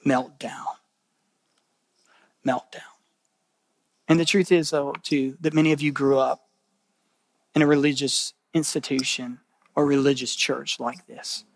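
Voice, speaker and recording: A man's voice: medium pitch, little pitch movement, moderate pace, gravelly, no echo. Earnest preaching man, dry close sound. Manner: swings from loud emphatic outbursts to hushed, quiet delivery; earnest, conversational preaching with repeated phrases. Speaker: pastor. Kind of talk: sermon.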